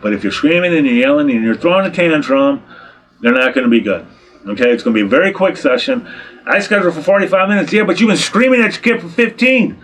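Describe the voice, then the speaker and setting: A middle-aged male photographer talks directly to his viewers, lecturing bluntly. He sounds exasperated and keeps firing rhetorical questions and checking in with "okay?". His pitch sits in an ordinary middle range for a man. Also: big pitch swings, quick pace, fairly bright tone. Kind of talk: direct-to-camera advice talk.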